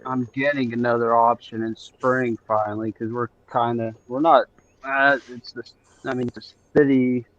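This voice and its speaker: A man's voice: mid-range voice, flat delivery, normal speed, muffled recording. A man from Eastern Washington chatting casually on a livestream, easygoing and sarcastic, often trailing off and restarting. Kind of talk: casual chat.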